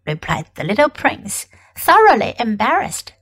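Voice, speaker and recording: A woman teacher narrates a storybook in English, reading with clear, deliberate care. Her voice is high and melodic, rising and falling a great deal. She keeps an unhurried pace. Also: lively intonation, low-quality recording.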